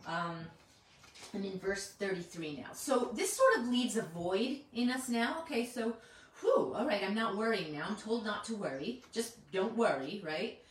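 A woman's voice: mid-range voice, very animated, measured pace, a little hiss or hum. A woman giving an earnest, conversational sermon, asking her listeners one rhetorical question after another. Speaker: Bible teacher. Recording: echoey room, mic at a distance.

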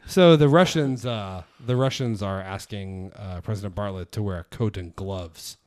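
A man with a somewhat low voice walks through legislative details in a loose, chatty way. He leans on fillers while he thinks and keeps a wry tone. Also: normal speed, darkish tone. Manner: explaining, hedging with "like" and "um", wry. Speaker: podcast co-host. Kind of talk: casual policy chat.

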